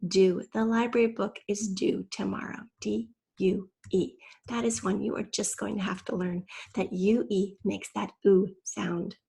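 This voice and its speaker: Patient woman teacher with a gravelly voice. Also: mid-range voice, little pitch movement, a little slow, mellow. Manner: patient, clear sounding-out of letters. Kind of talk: online spelling lesson for children.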